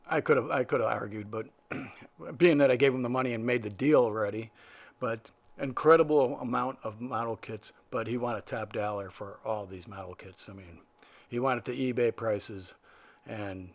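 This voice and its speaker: A man talks casually over his own footage, wandering from point to point with plenty of "uh"s and restarts. His voice has a gravelly, rough edge at a middle pitch. It sounds like an unscripted hobbyist voice-over. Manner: rambling, full of fillers and restarts. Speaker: aviation vlogger.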